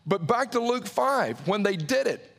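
A man preaching a sermon, acting out quotes and pausing for drama. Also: high voice, sing-song, gravelly, fairly bright tone, long reverb tail. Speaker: pastor.

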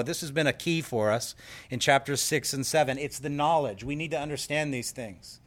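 Earnest preacher man, fairly high voice. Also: brisk, fairly bright tone. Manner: earnest, emphatic, storytelling. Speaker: pastor. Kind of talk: sermon.

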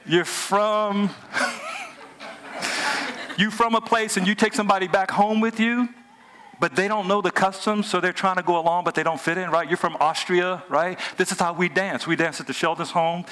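A man preaching with a bright, tense edge to a somewhat high voice. He jokes, slips into slang and draws the audience in as he talks. The sermon moves between playful asides and earnest points. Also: moderate pace, slight background noise. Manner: animated, joking, colloquial, talks with the audience. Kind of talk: lively sermon. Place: hotel event room before a live audience.

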